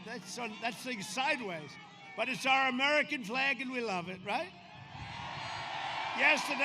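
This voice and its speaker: A man in his seventies giving a rambling, boastful campaign rally speech outdoors, swinging from shouting to quieter confiding asides. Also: extremely high pitch. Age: 70s. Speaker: politician speaking at a campaign rally. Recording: outdoor rally PA with crowd noise. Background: crowd ambience.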